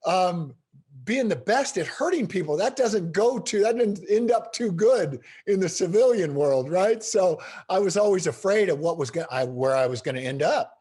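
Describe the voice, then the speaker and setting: A middle-aged man telling stories as an interview guest, animated and emphatic. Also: high-pitched, moderate pace, husky. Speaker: guest speaker. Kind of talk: storytelling in a podcast interview.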